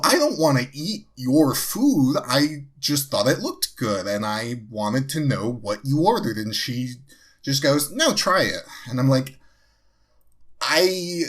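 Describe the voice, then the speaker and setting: Slow, rambling young man from New Jersey. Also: medium pitch. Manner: rambling, full of fillers and restarts. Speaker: podcast co-host. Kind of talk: casual storytelling.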